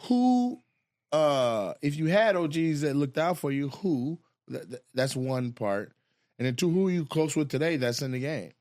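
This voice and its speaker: A man hosting a laid-back podcast, his pitch swooping up and down as he tells stories. He talks loose and profane, in a close, dry sound. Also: moderate pace, dry recording. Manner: animated storyteller, profane. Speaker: podcast host. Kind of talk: casual chat.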